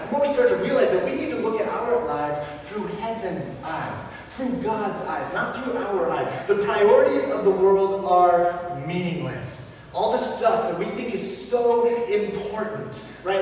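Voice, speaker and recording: A man's voice: high voice, a little hiss or hum. Preaching man in an echoey church. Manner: emphatic preaching with repeated phrases and dramatic pauses. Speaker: pastor. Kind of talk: sermon. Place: church sanctuary. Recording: echoey church hall from far off.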